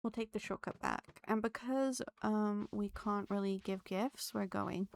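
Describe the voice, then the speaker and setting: A woman's voice: medium pitch, steady tone, measured pace, gravelly. A woman live-streaming a game, chatting to her viewers and laughing often. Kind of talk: live gameplay streaming chat.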